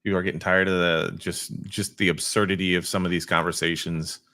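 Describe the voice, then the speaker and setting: Low-voiced male vet co-host, laid-back, laughs along, casual chat. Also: brisk. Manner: relaxed, laughs along, fillers like "man". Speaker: podcast co-host, military veteran.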